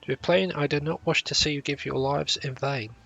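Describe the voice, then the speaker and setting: A gravelly, stern old sea captain from a fantasy game, put on by a man reading along. His talk is formal and old-fashioned, with a rough fry in the voice and a bright, forceful edge. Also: medium pitch, fairly even intonation, moderate pace, soft background music, low-quality recording. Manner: formal old-fashioned speech, stumbles over words.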